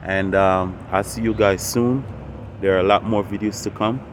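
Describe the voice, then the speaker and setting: A man's voice: fairly low pitch, steady tone, moderate pace, background noise. A man hosting a spiritual channel, talking unscripted and meandering, often repeating and restarting phrases. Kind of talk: unscripted casual monologue.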